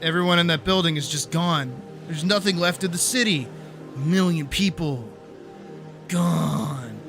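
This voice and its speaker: A man streaming live, talking casually and getting wildly animated, swearing freely as he demonstrates his art. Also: on the high side, measured pace, soft background music. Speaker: streamer and artist.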